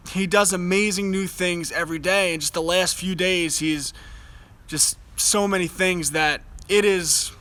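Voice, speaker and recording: A man's voice: high-pitched, steady tone, unhurried, sharp tone, poor audio. A young man speaking live from outdoors by a fire, earnest and enthusiastic, often restarting his sentences. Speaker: host. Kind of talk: casual live chat.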